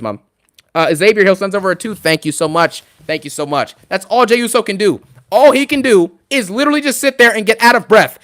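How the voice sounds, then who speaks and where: A man's voice: high voice, a bit bright. A man on a live stream, ranting bluntly and in an exasperated way, repeating his points for emphasis. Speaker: live streamer reviewing wrestling. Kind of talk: live rant.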